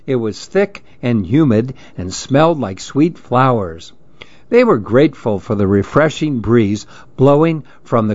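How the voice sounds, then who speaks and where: A man narrating a children's story in a calm, measured reading. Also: medium pitch, no echo. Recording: dull lo-fi dry recording.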